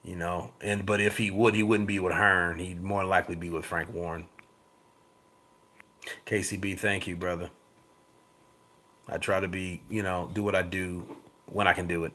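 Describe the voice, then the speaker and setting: A man hosts a casual boxing show and reads his viewers' comments aloud. He swears freely and swings from loud outbursts to low mutters. His fairly low voice sounds bright, pushed and forceful. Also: little pitch movement, normal speed, pauses often. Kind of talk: casual live-chat commentary.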